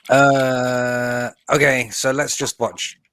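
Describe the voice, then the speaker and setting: A man's voice: medium pitch, level tone, extremely slow, a bit bright, smooth, no echo. A man hosting a casual group stream chat, making dry, offhand remarks. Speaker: stream host.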